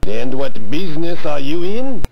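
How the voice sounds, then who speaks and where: A man's voice: a little high, sing-song, measured pace, gravelly, a little mellow, slight background noise, full character voice. A man voicing a snooty, brusque photographer in an adventure game, with a fake French accent and a dismissive, haughty manner.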